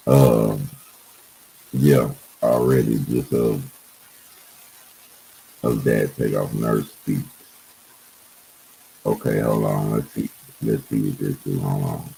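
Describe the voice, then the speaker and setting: A man's voice: very deep voice, creaky, dark tone, breathy edge, rough recording. A man hosting a podcast, casually muttering to himself as he searches for and comments on a video clip. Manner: slow, muttering, talking to himself while searching clips. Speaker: podcast host.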